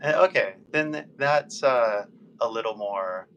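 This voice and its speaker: Man, californian accent, casual english tutor, patient, chatty, lots of fillers, mid pitch. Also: expressive, measured pace, fairly bright tone, dull audio, a little hiss or hum. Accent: Californian American English. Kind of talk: live-stream conversation practice.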